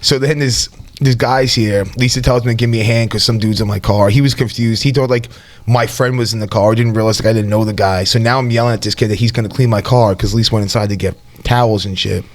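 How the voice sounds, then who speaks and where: A man co-hosting a podcast, telling a wild story in a casual, profane, animated way. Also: fairly low pitch, fast talker. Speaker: podcast co-host.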